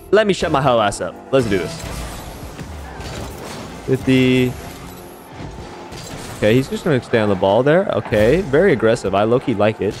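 Young male gamer, mid-pitch, hyped play-by-play with jumpy highs, beat music underneath. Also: unhurried, pauses often. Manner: excitable, swears, self-mocking, voice leaps up high when hyped. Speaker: gaming YouTuber. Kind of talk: live gameplay commentary. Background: background beat music.

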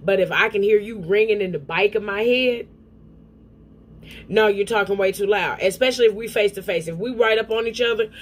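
A woman giving blunt, profane reaction commentary on a clip, with a mellow tone. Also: mid-range voice, slight background noise.

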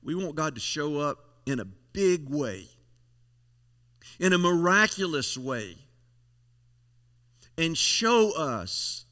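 Slow, bright preacher man. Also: a little high, very animated. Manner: folksy, emphatic preaching with repeated phrases. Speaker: pastor. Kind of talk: sermon. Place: church sanctuary. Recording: long church hall reverb.

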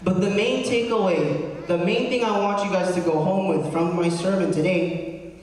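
Young deacon preaching in an echoey cathedral. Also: male voice, high voice, steady tone, normal speed. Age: young adult. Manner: earnest, conversational preaching with fillers. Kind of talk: sermon. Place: large cathedral. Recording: echoey cathedral, mic from far off.

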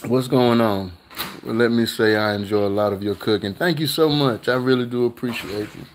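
A man's voice: on the low side, a little fast, slight background noise. An older man hosting a casual live cooking stream, chatting with viewers and reading their comments aloud in a laid-back, slangy way. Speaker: cooking channel host.

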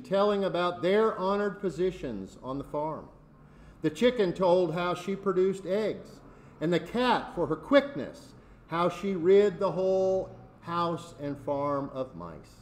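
A man preaching a sermon and telling a fable, deliberate with measured pauses. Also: high-pitched.

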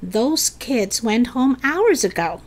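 A woman voicing a nervous, sharp-tongued schoolgirl who argues back. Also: fairly high pitch, very animated, takes it slowly, voice pushed up, full character voice. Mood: uneasy.

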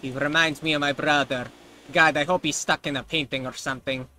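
A man's voice: a little high, fairly even intonation, a little fast, sharp tone, a little hiss or hum, rough recording. A man hosting a let's play, giving casual gameplay commentary with sarcastic jokes aimed at the game. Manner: sarcastic and jokey, talks back to the game.

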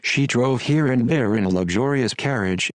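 A man's text-to-speech voice reading a classic story aloud in an even, unhurried way. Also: mid-range voice, no room sound, low-quality recording. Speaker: audiobook narrator.

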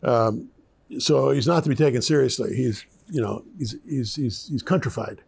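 An older man, a pastor, teaching the Bible in a relaxed, conversational way with chatty asides. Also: mid-range voice, normal speed, gravelly, slightly rough.

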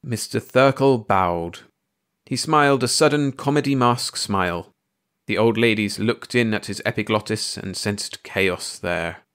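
A man reading a short story aloud as a bedtime audiobook narrator, unhurried and measured. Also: medium pitch.

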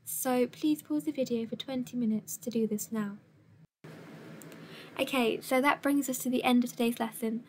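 A woman teacher giving a recorded lesson in clear, measured instructions, with an occasional filler. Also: a little high, fairly even intonation, darkish tone, slight background noise.

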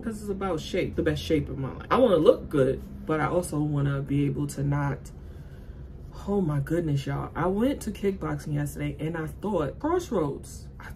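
A woman chatting casually to viewers in a fitness vlog, animated and out of breath, with sudden high exclamations. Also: a little hiss or hum, rough recording. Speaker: fitness vlogger. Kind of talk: casual vlog chat to camera.

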